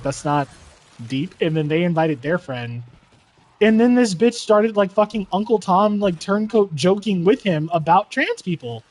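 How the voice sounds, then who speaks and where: A man's voice: sits high, rough recording. A man in casual chat about gaming, heated and swearing, jumping between tangents. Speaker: gamer.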